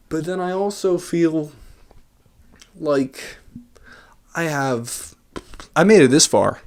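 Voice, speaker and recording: A man ranting casually in his own vlog, rambling and self-mocking with a sarcastic edge, into a large studio microphone. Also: on the high side. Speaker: vlogger.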